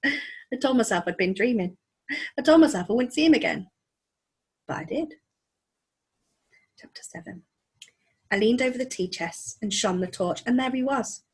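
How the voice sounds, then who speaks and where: A woman teacher reading a chapter book aloud to children, expressive and engaging. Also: mid-range voice, husky. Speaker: primary school teacher.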